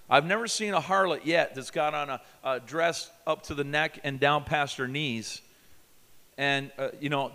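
A man preaching a sermon at a youth camp, emphatic, questioning his listeners and swinging from loud to hushed. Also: medium pitch. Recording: long hall reverb.

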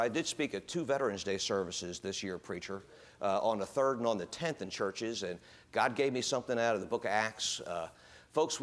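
Guest church speaker, man in his fifties, lowish voice, homespun and rambling, fillers throughout. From United States. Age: 50s. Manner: folksy, rambling, many fillers and restarts. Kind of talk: informal church talk.

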